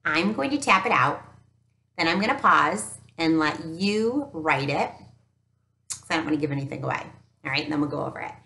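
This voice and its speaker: A woman teacher giving a recorded phonics lesson to young children, upbeat and encouraging, sounding out each letter slowly. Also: low voice, lively intonation, gravelly, bright, forceful tone. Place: home teaching space with an easel. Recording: echoey room.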